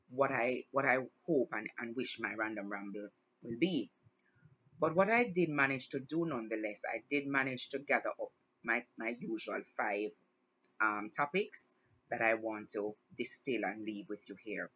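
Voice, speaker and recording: A woman's voice: extremely low pitch, bright, forceful tone, slightly rough, highs cut off. A woman hosting her own show, talking in a casual, reflective monologue and smiling through emotion. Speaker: podcast host.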